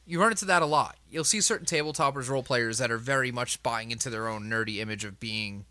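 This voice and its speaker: A man's voice: mid-range voice, fast, pushed and bright, dry recording. A man who runs a tabletop game, chatting with his group in an emphatic, reflective way and laughing often. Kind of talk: casual group chat.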